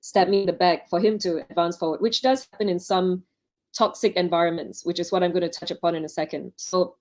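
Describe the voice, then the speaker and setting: A woman's voice: lowish voice, steady tone, fairly quick, darkish tone. A woman doctor on an online panel, giving chatty advice to new doctors and acting out quoted lines in her stories. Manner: chatty, anecdotal, acts out quoted speech.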